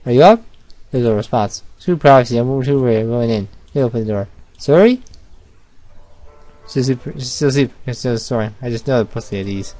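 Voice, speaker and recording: A man's voice: mid-range voice, fast, few pauses, warm tone, soft background music. A man playing a visual novel on video, reading its narration and dialogue aloud and breaking off to react and joke. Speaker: let's play gamer.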